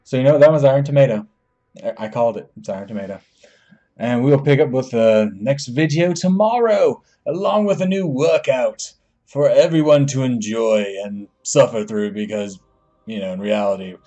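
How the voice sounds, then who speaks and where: A man's voice: medium pitch, moderate pace, mellow, dull audio. A young man casually commenting on his own online match as a gaming channel host, playful and self-mocking, often exclaiming in surprise. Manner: playful, exclaims "oh my goodness", chuckles at himself.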